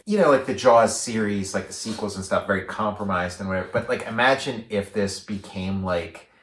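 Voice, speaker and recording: A man's voice: on the low side, a little fast, a bit bright, recorded from a distance, a little hiss or hum. A man co-hosting a casual film review chat, talking in a loose, rambling way full of fillers and restarts. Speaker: podcast co-host. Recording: roomy sound, a bit off the mic.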